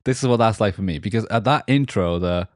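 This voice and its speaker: A young Welsh man with a Welsh accent, co-hosting a casual music podcast, animated and laughing often. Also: on the low side, fast, no echo, clean studio sound. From Wales. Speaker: podcast co-host. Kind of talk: casual chat about music.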